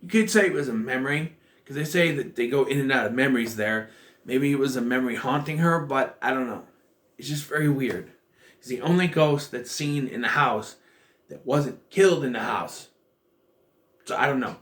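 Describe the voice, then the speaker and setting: A man's voice: medium pitch, moderate pace, fairly bright tone. Man rambling through a show review. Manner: rambling, thinking aloud with frequent restarts. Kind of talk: casual spoken review.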